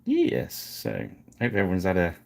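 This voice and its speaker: A man's voice: low-pitched, wildly swooping pitch, normal speed, vocal fry. A man hosting a live painting stream, chatting casually and apologizing with self-deprecating asides.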